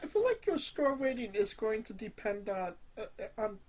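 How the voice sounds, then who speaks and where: A woman co-hosting a podcast, talking casually and hesitantly with many pauses and restarts. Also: on the high side, very animated, a little mellow, low-quality recording. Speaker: podcast co-host. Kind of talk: casual wrestling chat.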